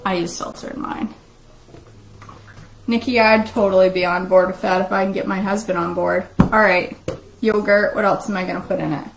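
A woman's voice: mid-range voice, steady tone, normal speed. A middle-aged woman, joking and chatting with viewers while she makes a shake in her home kitchen. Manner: chatty, jokey, talks to viewers while cooking. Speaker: vlog host making a shake. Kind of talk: casual live-stream chat. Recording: home kitchen recording with clear background noise.

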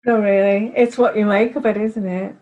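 A woman's voice: mid-range voice, steady tone, normal speed, a little mellow, low-quality recording. Agreeable woman interview host. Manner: agreeable, supportive listener. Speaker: podcast host. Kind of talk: casual interview chat.

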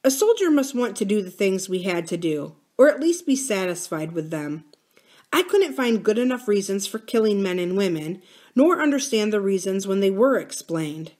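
Brief: woman reading a quiet, troubled young man, earnest and confiding. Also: high voice, very animated, moderate pace.

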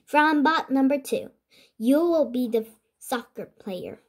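A woman whose first language is Korean reading the lines of a bossy young girl inventor from a children's book, in a halting, stumbling way. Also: high-pitched, expressive, heavily acted. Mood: instructing. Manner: halting, stumbling read-aloud. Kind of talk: children's book read aloud.

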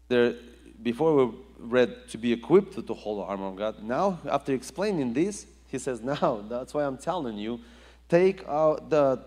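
A man's voice: mid-range voice, darkish tone. Man preaching in an echoing hall. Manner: emphatic, rising and falling delivery with repetition. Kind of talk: sermon.

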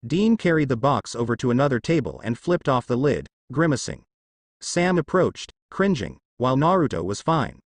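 A man narrating a fan fiction story in an expressive reading style. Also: medium pitch, moderate pace, no room sound.

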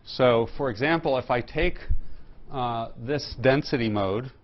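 A man's voice: medium pitch, measured pace, highs cut off. A man giving a technical physics lecture, explaining step by step with fillers and restarts. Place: lecture room.

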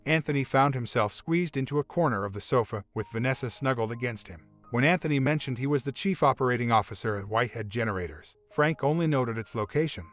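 Man reading a story over soft music. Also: mid-range voice, quick pace, few pauses. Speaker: narrator. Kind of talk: scripted narration of a relationship story.

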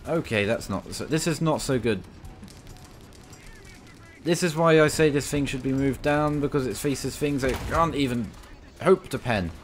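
A man giving excitable, casual commentary over a tank game, bantering at enemies with mock outrage. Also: medium pitch, normal speed, hardly any pauses, a little hiss or hum. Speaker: gaming video creator.

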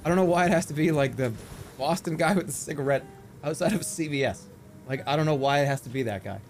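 A man's voice: fairly high pitch, fast talker, a little hiss or hum. A man chatting casually and rambling while streaming a video game. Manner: loose, rambling, many fillers. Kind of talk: casual stream chat over gameplay.

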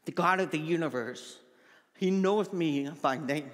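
A pastor from Manitoba, Canada, with deaf speech and a hard-of-hearing accent, delivers a sincere personal testimony in a sermon. He keeps a measured pace at a fairly high pitch, and the church sanctuary gives his voice a big-room sound.

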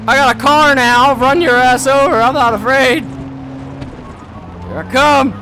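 A young man narrates his game in a very high voice that jumps all over the place. He drawls slowly, sliding from grumbled asides into frantic profane shouting. Game music plays clearly behind him. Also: animated. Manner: swings from muttering to yelling and cursing. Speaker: gaming YouTuber. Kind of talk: let's play commentary.

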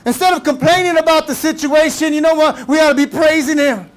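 A male pastor preaching a sermon, animated and casual, with shouted bursts and playful mock voices. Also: extremely high pitch, brisk. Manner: casual slangy talk.

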